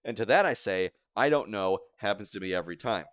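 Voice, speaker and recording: A man's voice: lowish voice, lively intonation, brisk, a bit bright, dry recording. A young man casually narrating a live cooking stream from his home kitchen, rambling and self-deprecating with filler words, filmed on a phone on a tripod. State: teary-eyed from onions.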